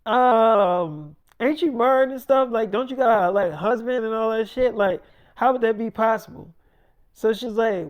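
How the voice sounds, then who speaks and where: A woman's voice: on the high side, normal speed, lo-fi sound. A woman casually improvising a story, rambling and swearing as she acts out both sides of a heated argument.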